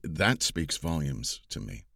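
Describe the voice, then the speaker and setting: A man who narrates audiobooks, talking in an interview in a measured, thoughtful way. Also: very deep voice, sing-song, gravelly, a bit bright, dry recording, studio quality. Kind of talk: reflective interview talk.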